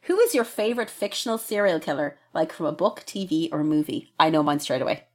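A woman's voice: deep voice, lively intonation, fairly quick, darkish tone. A woman hosting a casual chat, reading out listener questions, chatty and laughing often, swearing freely.

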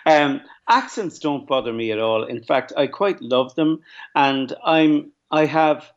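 A man's voice: a little high, a little slow. An Irish man speaking as a radio panellist, blunt and opinionated, laughing as he talks. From Ireland. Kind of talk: casual radio panel chat over a call. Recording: dull lo-fi call line.

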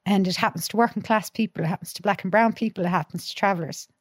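A woman's voice: medium pitch, fast, no echo, clean studio sound. A middle-aged woman, a podcast guest, chatting earnestly and telling stories with many restarts. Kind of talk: casual conversation.

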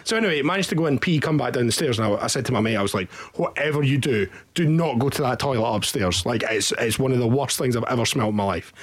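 A young Scottish man co-hosting a football podcast, telling stories in a lively, animated way. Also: mid-range voice, fast talker, hardly any pauses. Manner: animated storyteller with lively quoted voices. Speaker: podcast co-host. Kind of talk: casual podcast chat, storytelling.

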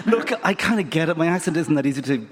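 A man with a vaguely posh Irish accent, chatting on live radio as a wine expert, self-deprecating and quick to laugh. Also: on the high side, expressive, background noise. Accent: Irish, vaguely posh Dublin. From Ireland.

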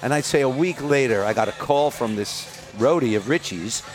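A man's voice: medium pitch, moderate pace. An older man from the United States, a rock singer giving a candid, profane interview outdoors at a festival. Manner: candid, profane, animated when telling stories. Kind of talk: casual interview storytelling.

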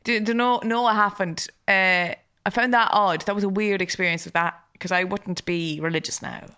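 A woman's voice: mid-range voice, moderate pace, bright, forceful tone, clean tone. An Irish woman on a comedy podcast, chattily telling a story with quoted asides. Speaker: podcast co-host. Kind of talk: casual anecdote telling.

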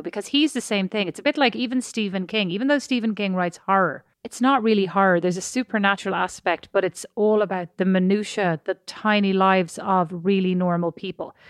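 A woman, co-hosting a podcast and telling rambling, expressive stories in casual chat. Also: medium pitch, clear, resonant tone, dry recording, clean studio sound. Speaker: podcast co-host.

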